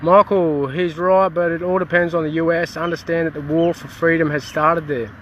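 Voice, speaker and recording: A man's voice: fairly high pitch, flat delivery, normal speed, slight background noise. An Australian man in a casual activist rant, heated and swearing, with many restarts, recorded outdoors in a town.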